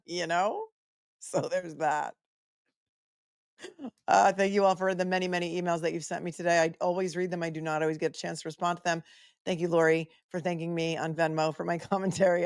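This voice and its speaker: A woman's voice: lowish voice, steady tone, moderate pace, clear, resonant tone, no echo, clean studio sound. A woman attorney hosting a live stream, chatting casually and playfully while reading out viewer messages. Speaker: attorney commentator hosting a livestream.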